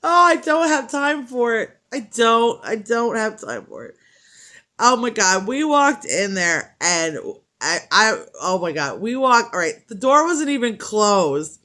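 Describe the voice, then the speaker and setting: A woman's voice: medium pitch, big pitch swings, takes it slowly, bright, forceful tone. A middle-aged woman vlogging while she crochets, telling a long story in a rambling, chatty way and laughing often. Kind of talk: casual storytelling chat.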